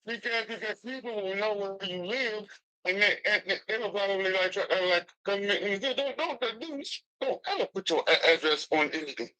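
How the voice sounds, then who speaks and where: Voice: medium pitch, normal speed, pushed and bright, low-quality recording. An off-camera companion in casual chat, giving an urgent, repetitive warning.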